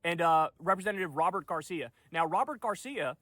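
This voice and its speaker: Sarcastic high-voiced man, political commentary. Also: animated, fairly quick, a bit bright, no room sound. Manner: sarcastic, incredulous.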